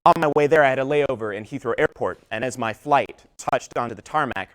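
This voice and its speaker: A young man giving a public talk, telling a personal story, whose voice trails off low at the ends of his sentences. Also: brisk, a bit bright. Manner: storytelling with shifting volume, drops low at line ends. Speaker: public speaker.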